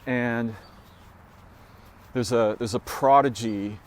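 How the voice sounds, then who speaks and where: A man musing aloud in a solo recording, rambling and speculative, often trailing off into fillers and restarts, with his pitch leaping up on points he stresses. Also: fairly even intonation, takes it slowly.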